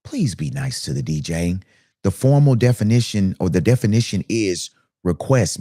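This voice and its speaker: A man's voice: mid-range voice, warm tone, dry recording, clean studio sound. A man who works as a DJ, talking casually to camera in a ranting monologue full of rhetorical questions.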